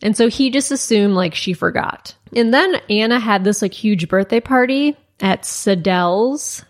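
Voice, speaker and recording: A young woman co-hosting a casual chat, telling a story in a chatty way full of "like" fillers. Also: medium pitch. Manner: chatty, frequent "like" fillers, quick asides. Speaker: podcast co-host.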